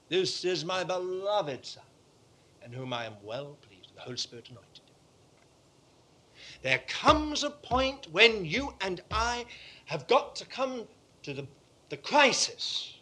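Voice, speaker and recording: A man delivers a sermon in a high, bright voice that rises and falls across a wide range. His tone is slightly husky, and he moves from near-whispers to loud, forceful declarations. He drives his points home by repeating them. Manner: impassioned, swings from hushed to forceful; emphatic repetition. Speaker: preacher.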